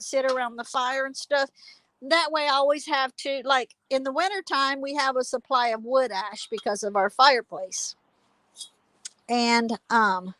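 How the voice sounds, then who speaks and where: A hard-of-hearing woman hosts a casual live stream on her phone, carrying it as she walks through her backyard garden. She talks loudly in a high voice, chatty and rambling with plenty of fillers, and the recording quality is low.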